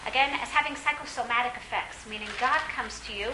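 A woman teaching a classroom Bible lesson, lively and questioning, often quizzing her students. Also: fairly high pitch, fast, reverberant, noisy background.

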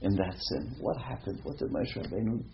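A man teaching a lively Torah class as a rabbi, asking rhetorical questions and mixing in Hebrew terms. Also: deep voice, brisk, creaky. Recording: dull lo-fi recording with faint noise.

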